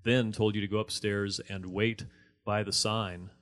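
A man interviewing a guest, breaking in to restate the guest's story clearly. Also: fairly low pitch, level tone, measured pace, a bit bright.

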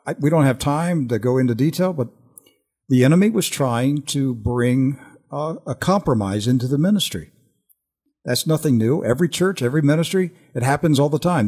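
An older man gives an earnest personal testimony on a Christian talk show, speaking animatedly and often restarting his sentences. His voice is mid-range and slightly rough.

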